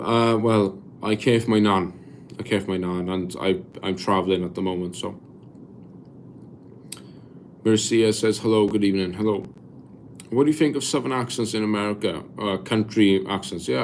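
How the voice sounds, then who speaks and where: A Welsh man in his twenties chatting casually on a live stream, reading viewer comments aloud and answering in a halting, rambling way with lots of restarts. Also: on the low side, a little mellow, a little hiss or hum. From Wales. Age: 20s.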